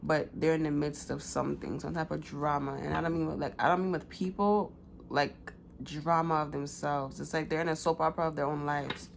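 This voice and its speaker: A woman's voice: low voice, steady tone, a little fast, gravelly, background noise. A woman giving a casual pick-a-card tarot reading, loose and slangy with many fillers.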